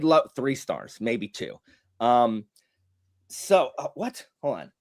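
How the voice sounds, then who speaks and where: Man, host, teasing, theatrical, lively swooping pitch. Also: takes it slowly. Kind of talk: mock courtroom banter.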